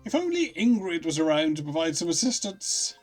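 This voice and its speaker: A man's voice: a little high, big pitch swings, brisk, faint music behind. A man voicing a dutiful, formal older butler, reading game dialogue aloud in a deferential tone. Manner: deferential, formal servant speech.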